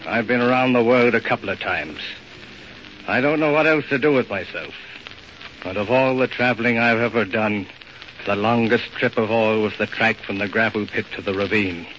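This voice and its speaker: A man's voice: fairly low pitch, a bit bright, natural voice. A man playing a somber, weary soldier. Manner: somber, measured. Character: weary, well-traveled soldier narrator. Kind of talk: 1940s radio drama narration. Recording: muffled old radio recording with noise.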